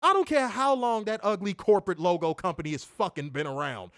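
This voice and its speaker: A man's voice: high-pitched, fairly quick, a bit bright, no echo, clean studio sound. A man hosting a wrestling review, ranting emphatically with frequent swearing and mockery. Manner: emphatic, profane, mocking. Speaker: podcast host reviewing wrestling.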